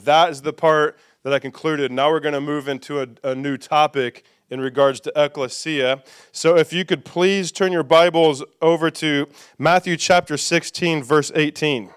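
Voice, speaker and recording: A man's voice: a little high, fairly even intonation, normal speed, few pauses, clean tone. A man preaching a sermon as pastor, conversational and playful, leading the congregation in call-and-response.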